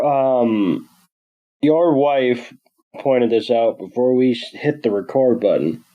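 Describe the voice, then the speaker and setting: A man's voice: medium pitch, mellow, dull audio. A man co-hosting a podcast, casually recapping an episode and throwing in blunt, sarcastic asides. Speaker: podcast co-host.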